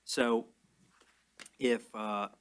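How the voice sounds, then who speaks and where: A man presiding as judge in a courtroom, explaining orders in a measured, plain way. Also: mid-range voice, flat delivery, smooth. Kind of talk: courtroom proceedings.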